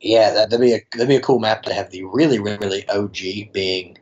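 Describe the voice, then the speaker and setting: A man's voice: lowish voice, a little fast, a little mellow, slight background noise. A man chatting casually on a podcast, rambling and laughing often in a playful way. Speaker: podcast guest. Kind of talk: casual chat. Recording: dull lo-fi sound.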